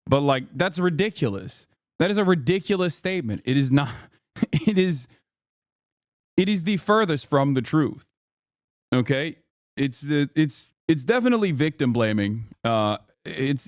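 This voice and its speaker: A man's voice: fairly high pitch, lively intonation, measured pace, dry recording, clean studio sound. A man in his thirties giving casual, sarcastic live-stream commentary on the news, mocking and rambling.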